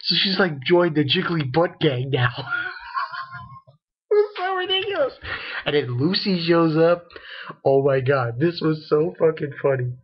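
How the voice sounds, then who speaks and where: Excitable husky-voiced man rambling through a recap. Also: fairly high pitch, normal speed, dull audio. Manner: excitable and rambling, laughs often, many restarts. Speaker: anime episode reviewer. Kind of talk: casual spoken episode recap.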